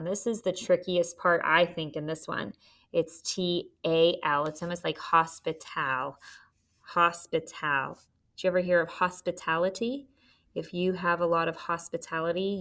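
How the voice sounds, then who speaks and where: Lady teacher doing a kids spelling lesson, slow and patient, crisp bright voice, lowish pitch. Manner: patient, clear, enunciates words slowly.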